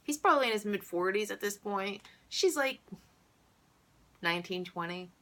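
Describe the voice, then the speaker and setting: A woman in her thirties telling a story casually to camera, animated and rambling, laughing often. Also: mid-range voice, normal speed.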